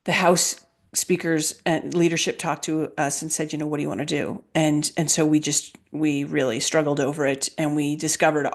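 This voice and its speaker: A woman guest recounting events with emphatic, quoted dialogue in an animated interview conversation. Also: sits low, moderate pace. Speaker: guest, health freedom advocate.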